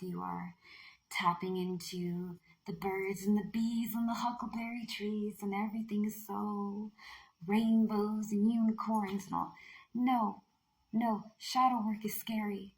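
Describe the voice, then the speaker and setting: A woman giving a casual tarot card reading in a playful, chatty way, often dropping into breathy half-whispers. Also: mid-range voice, poor audio.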